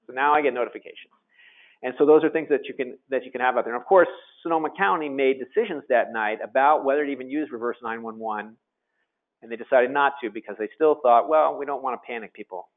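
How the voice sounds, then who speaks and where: Middle-aged male physician, halting storyteller with fillers, mid pitch, phone-thin recording. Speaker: emergency physician speaker. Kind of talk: presentation talk. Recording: phone-like narrow sound.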